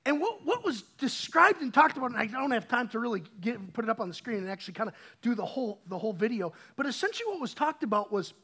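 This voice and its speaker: A man in his thirties preaching a casual, conversational sermon, swinging from quiet asides to emphatic bursts and often repeating words as he restarts. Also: very high-pitched, sing-song, fast talker, few pauses, slightly rough. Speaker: pastor.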